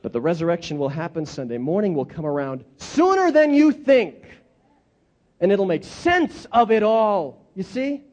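A pastor with a high-sitting voice preaches a sermon at a moderate pace, telling his stories animatedly and with dramatic repetition. The recording is dull and lo-fi.

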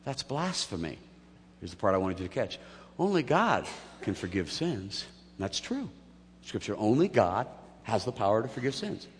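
A man preaching a sermon, telling the story with lively acted-out voices and jokes. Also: fairly low pitch, slight background noise. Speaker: pastor. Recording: long hall reverb.

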